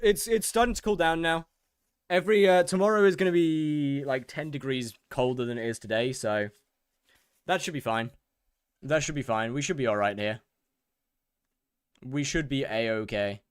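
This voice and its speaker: A man's voice: medium pitch, lively intonation, a little slow, pauses often, clear, resonant tone, dry recording. A man chats casually with his viewers while playing a game, reading their questions aloud and looping back over his own words. He sounds overheated and sweaty. His voice sits in a middle range and is recorded dry and close. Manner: reads chat questions aloud and answers, repeats phrases. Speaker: game streamer. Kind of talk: casual live-stream chat while gaming. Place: hot room in a house.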